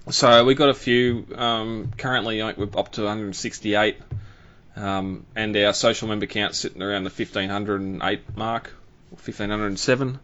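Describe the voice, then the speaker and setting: A man's voice: lowish voice, steady tone, normal speed, fairly bright tone, highs cut off. A man hosting a podcast in casual chat, rambling with lots of fillers and restarts. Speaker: podcast host.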